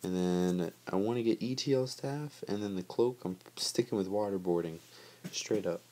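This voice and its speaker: A man's voice: on the low side, normal speed, mellow, slight background noise. A man giving casual, chatty gameplay commentary over his footage, joking about himself and laughing often.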